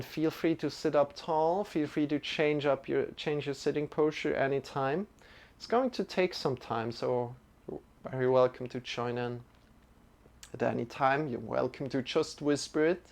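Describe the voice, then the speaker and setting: A man leading a live-streamed yoga and meditation class, giving gentle, encouraging cues and chatting with viewers between them. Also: medium pitch, creaky. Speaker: yoga teacher.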